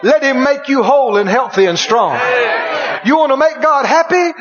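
A man delivers a sermon in a strikingly high, animated voice that swoops up and down. He takes his time, then erupts in shouted exclamations of joy. The recording sounds dull and lo-fi. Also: normal speed, crowd noise. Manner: exuberant, bursts into shouted exclamations. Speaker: preacher.

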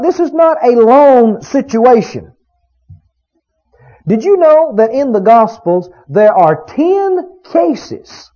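A male preacher with a high voice that swings widely as he drives each point home. He fires rhetorical questions at the congregation in an emphatic sermon cadence. The recording is dull and lo-fi. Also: dark tone.

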